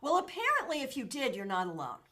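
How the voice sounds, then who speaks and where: Woman, livestream host, chatty, enthusiastic, animated, bright voice. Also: quick pace. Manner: chatty, enthusiastic, thanks viewers by name; animated, with sudden jumps in pitch and loudness. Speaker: tarot reader and livestream host. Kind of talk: casual livestream chat with viewers.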